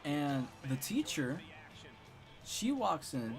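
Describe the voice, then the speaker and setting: A man's voice: mid-range voice, lively intonation, normal speed, soft background music. Rambling young man telling a story. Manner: rambling, chuckling, lots of "you know" and repeats. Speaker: streamer. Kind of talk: casual storytelling on a live stream.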